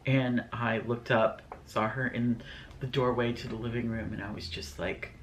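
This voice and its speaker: Casual storytime vlogger, male, middle pitch, rambling and scatterbrained, faint hiss. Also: flat delivery, normal speed, a bit bright. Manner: scatterbrained, rambling, many fillers.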